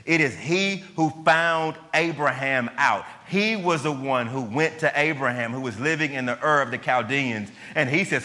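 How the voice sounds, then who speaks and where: A man's voice: on the high side, lively intonation, measured pace, bright, forceful tone. A man preaching a sermon, emphatic and conversational, asking his listeners questions. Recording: long hall reverb.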